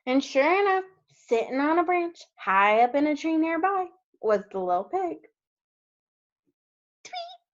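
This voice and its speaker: A woman, a kindergarten teacher, reading a storybook aloud to young children and gently asking them questions along the way. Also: sits high, sing-song, moderate pace, few pauses. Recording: dull lo-fi recording.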